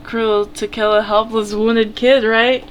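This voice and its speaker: A woman's voice: on the high side, little pitch movement, takes it slowly, a little hiss or hum. Woman reading as a playful wounded teen. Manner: playful, pleading. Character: pleading, playful wounded teenager.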